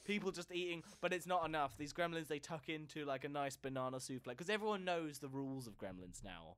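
A man's voice: on the high side, expressive, fairly quick, fairly bright tone, smooth. A man co-hosting a comedy podcast, telling a story casually, often repeating words as he goes and laughing. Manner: stammering repetitions, frequent laughs. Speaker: podcast co-host.

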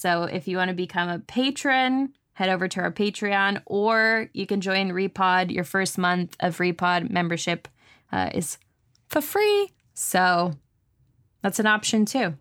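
A woman's voice: medium pitch, expressive, unhurried, fairly bright tone, dry recording, studio quality. A young woman co-hosting a podcast, upbeat and giggly as she chats and promotes. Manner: upbeat and giggly, rambling restarts. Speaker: podcast co-host. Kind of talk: casual chat.

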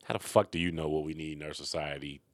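A man's voice: a bass voice, steady tone, fast talker, no room sound. A man, a comedian, co-hosting a casual podcast chat, joking and riffing with frequent profanity.

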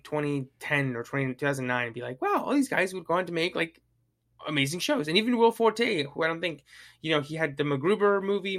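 A man's voice: on the high side, a bit bright. A young man co-hosting a podcast in casual chat, rambling and agreeable with many fillers. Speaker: podcast co-host.

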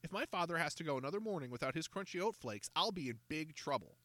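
A man reading a children's mystery aloud, voicing an angry, frustrated boy goalie in a raised, higher voice. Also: lively intonation, quick pace, no room sound. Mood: pleading. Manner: loud, indignant, pleading.

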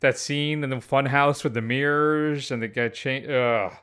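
A man co-hosting a podcast, talking about favorite film characters in a relaxed, opinionated, dry way. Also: mid-range voice, a little slow, clear, resonant tone. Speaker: podcast co-host. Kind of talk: casual film chat.

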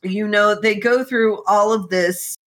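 Woman co-host, middle pitch, casual and lively, swears, acts out quotes. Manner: animated, swearing, acting out characters in quick quotes. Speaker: podcast co-host. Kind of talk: casual chat recapping a novel.

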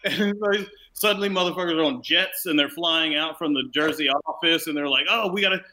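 A man, a comedian turned salesman, telling a profane story in an animated way and acting out the people in it, heard over a video call. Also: fairly high pitch, fairly quick, poor audio. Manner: animated, swears a lot, acts out quoted people.

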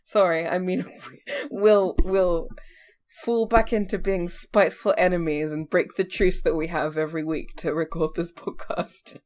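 A woman's voice: on the low side, fairly even intonation, a little slow, a little mellow. A woman co-hosting a podcast, chatting casually about a book with a joking, playfully sarcastic manner. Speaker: podcast co-host. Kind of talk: casual book-club chat.

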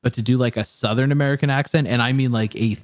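A man's voice: medium pitch, steady tone, fast. A young man in casual chat, reviewing a film in a rambling way with lots of fillers and swearing. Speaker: podcast co-host reviewing a film.

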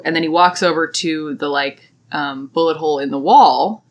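Woman podcast co-host, lowish voice, chatty recap that slips into quick character voices. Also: fairly bright tone. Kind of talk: casual chat.

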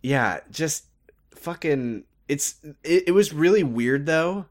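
A man's voice: fairly high pitch, lively intonation, slow pace. Male podcast co-host, loose rambling recap voice, swears freely. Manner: profane, laughing, rambling. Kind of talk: casual recap chat.

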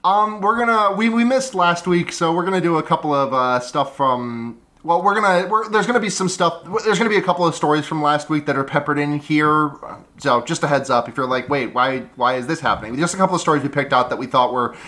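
A man's voice: a little high, fairly quick, bright, forceful tone. A man co-hosting a casual comedy podcast, rambling, restarting his sentences and laughing easily. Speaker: podcast co-host.

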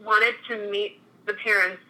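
A woman's voice: medium pitch, fairly even intonation, unhurried, sharp tone, poor audio. A woman in her thirties from Minnesota, telling her own story in a chatty way with many restarts. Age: 30s. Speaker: guest. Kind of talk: casual interview conversation.

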